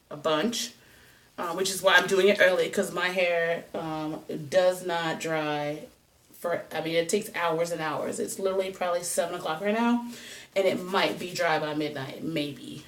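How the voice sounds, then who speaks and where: A hair vlogger talks her way through a hair how-to in a lowish voice at a moderate pace, rambling, chatting and joking at her own expense. She sounds a little distant from the mic.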